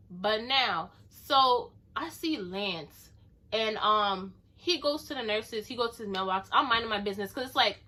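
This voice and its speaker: A young woman telling a story to camera in a chatty, animated way, full of "like". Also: a little high. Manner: chatty and animated, leaning on filler "like". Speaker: storytime vlogger.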